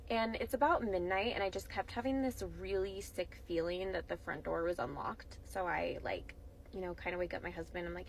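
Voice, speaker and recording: A young woman and mother telling a story casually, calm and conversational, with soft fillers. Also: fairly low pitch, fairly quick, creaky, a little hiss or hum, low-quality recording.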